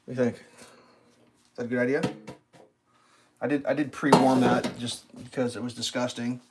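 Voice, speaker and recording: A man's voice: medium pitch, level tone, normal speed, very noisy. A man livestreaming, telling a long exasperated story about customer service, swearing freely. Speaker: live streamer. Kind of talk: casual livestream rant.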